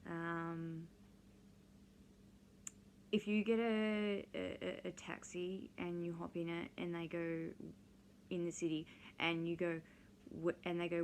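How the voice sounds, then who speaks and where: Gravelly, slow-talking woman. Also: lowish voice, level tone. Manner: rambling, digressive, with many ums. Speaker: vlogger. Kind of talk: casual personal vlog. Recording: noisy background hiss.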